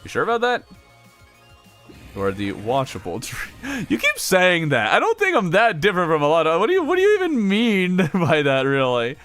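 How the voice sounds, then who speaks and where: A man's voice: sits high, wildly swooping pitch, normal speed, fairly bright tone, soft background music. A man casually chatting with his viewers while playing a video game, reacting to what happens and laughing often. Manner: chatty, reacts to game events and answers chat aloud; laughs often between remarks. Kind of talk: casual livestream chat with viewers.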